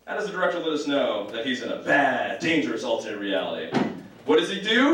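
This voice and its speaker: A man doing a stand-up comedy set on a club stage with a live audience, animated and shouting his punchlines. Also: medium pitch, fast. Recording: echoey club, distant mic, crowd noise. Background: audience laughter.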